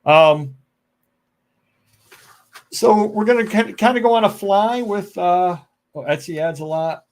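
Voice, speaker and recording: An American man hosts a solo live stream in a high-pitched, unhurried voice. He chats casually, jokes, rambles off on tangents and answers viewer comments.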